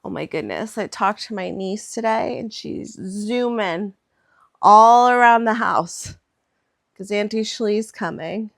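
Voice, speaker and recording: A woman's voice: mid-range voice, unhurried, gravelly, hardly any pauses. A woman hypnotherapist in a casual reflective vlog, meandering and spiritual, saying "like" often.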